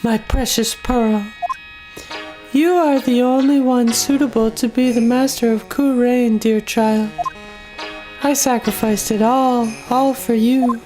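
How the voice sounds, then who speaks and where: A woman voicing a scheming, proud older woman villain in a game playthrough, talking slowly and with menace. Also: on the high side, fairly even intonation, pitched above the performer's own voice, low-quality recording. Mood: gloating. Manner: slow, gloating, menacing. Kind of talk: video game voice-acting playthrough. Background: loud game music.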